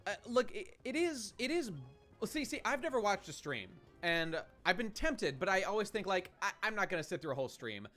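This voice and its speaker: A man's voice: sits high, sing-song, fairly quick, sharp tone, soft background music. A man streaming a game and chatting with his viewers in a rambling, profane way, often restarting his sentences. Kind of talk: casual live-stream commentary.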